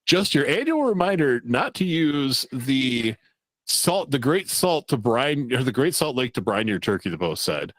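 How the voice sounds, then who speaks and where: A man's voice: medium pitch, big pitch swings, a little slow, fairly bright tone, no room sound. A man hosting a casual talk show, reading odd news stories aloud, loose and profane and laughing at the material. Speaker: podcast host.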